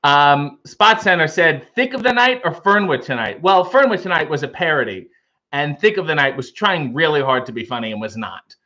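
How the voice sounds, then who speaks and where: A man's voice: on the high side, expressive, normal speed, sharp tone. Wry man chatting in lo-fi sound. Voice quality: playful, wry asides. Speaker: livestream host reading chat. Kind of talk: casual livestream chat.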